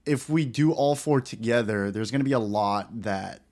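A young man co-hosting a casual podcast chat, animated and jokey, with a morning voice. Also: on the low side, normal speed. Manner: animated, jokey, trails off and restarts. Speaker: podcast co-host.

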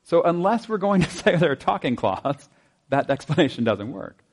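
A man preaching a sermon in a conversational way, asking his listeners rhetorical questions and dropping into soft asides. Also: a little high, big pitch swings, normal speed. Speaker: pastor.

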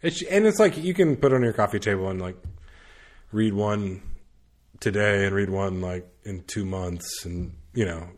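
A man's voice: lowish voice, normal speed. A man chatting casually on a podcast, rambling with lots of fillers and restarts, laughing now and then. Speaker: podcast guest recommending media. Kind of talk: casual chat.

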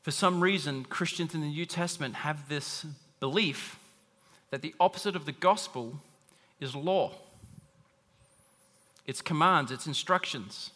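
A man preaching a sermon with a high, bright and forceful voice. He talks in an animated way and acts out quick voices for the people he quotes. His voice rings out with a long hall reverb. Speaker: pastor.

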